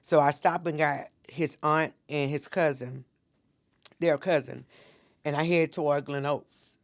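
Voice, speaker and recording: A woman's voice: low voice, steady tone, measured pace. A middle-aged woman speaks as a podcast guest and minister. She tells her story with earnest intensity and acts out the words of everyone involved. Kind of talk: emotional personal storytelling.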